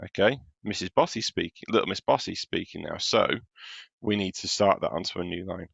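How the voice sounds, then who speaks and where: A male primary teacher records a lesson from home, going patiently through the work one step at a time. His voice sits low and has a heavy gravelly grain. The sound is dry and close but slightly dull, as if from a modest home microphone. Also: fairly quick, a bit bright, dry recording. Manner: patient, explains step by step while marking his own writing.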